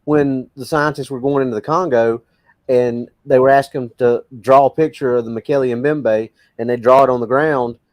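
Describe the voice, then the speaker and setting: A man co-hosting a paranormal podcast, making his case in an animated, argumentative way. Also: mid-range voice, moderate pace, no room sound, clean studio sound. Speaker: podcast co-host. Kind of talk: casual group chat.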